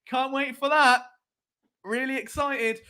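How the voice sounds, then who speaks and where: A man's voice: very high-pitched, steady tone, slow, pushed and bright, clean tone. A young man hosting a live sports stream, rambling and playful with lots of fillers. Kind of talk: casual live-stream chat.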